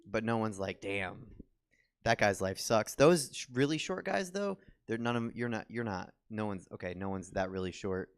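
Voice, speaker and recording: A man's voice: fairly low pitch, expressive, a little fast, hardly any pauses, clear, resonant tone. A young man doing a stand-up comedy set on a theater stage, rambling and self-deprecating with lots of ums and restarts.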